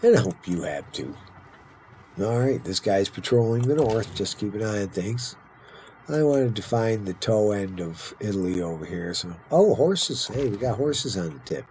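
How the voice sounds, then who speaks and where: A man's voice: on the low side, big pitch swings, moderate pace, darkish tone, a little hiss or hum, poor audio. A man hosting a casual let's-play of a strategy game, chatty and playful, who slips into mock-grand roleplay and sounds tired and punch drunk. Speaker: gaming video host.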